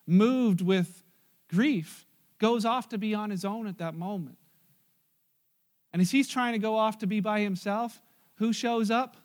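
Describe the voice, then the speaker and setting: Guy preaching, super high voice, jokey storyteller vibe, acts out the characters. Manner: lively, joking storyteller who acts out the characters. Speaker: pastor. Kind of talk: sermon.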